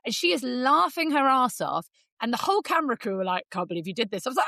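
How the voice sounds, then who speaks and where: Animated Englishwoman telling a funny story. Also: fast talker, vocal fry, no room sound. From England. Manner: animated, lively storyteller with jumps into high voices for quotes. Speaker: podcast co-host. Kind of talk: casual storytelling chat.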